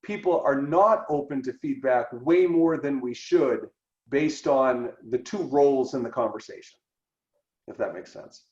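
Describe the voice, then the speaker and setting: A man co-hosting a podcast, talking through ideas in an animated way and acting out quoted dialogue. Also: mid-range voice, unhurried. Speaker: podcast co-host. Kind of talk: conversational podcast discussion. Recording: roomy, dull lo-fi sound.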